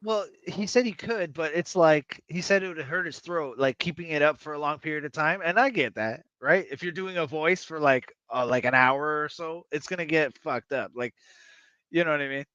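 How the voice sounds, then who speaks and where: A man's voice: a little high, moderate pace, bright, forceful tone, clear, resonant tone, no echo, highs cut off. A man co-hosting a podcast in casual chat, rambling and swearing freely with frequent laughs.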